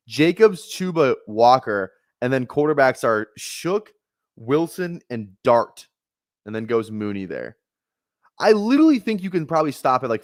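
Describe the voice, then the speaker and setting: A man chats loosely on a live stream as he drafts, rambling with lots of fillers and the occasional swear. His voice sits in an ordinary middle pitch. The sound is dry and close to the mic. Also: no echo. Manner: laid-back rambling with frequent laughs and swearing. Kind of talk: casual live-stream chat.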